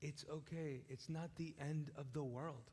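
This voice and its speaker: A man, a pastor, giving a live conversational sermon in a large church, repeating his phrases and moving between soft and loud. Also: fairly high pitch, steady tone, unhurried, slightly rough. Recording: live church hall with long reverb.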